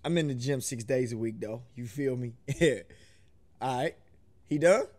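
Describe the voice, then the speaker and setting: A man's voice: mid-range voice, measured pace, darkish tone, a little hiss or hum. A man hosting a reaction video, talking to his viewers in a laid-back, joking way. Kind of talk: casual reaction commentary.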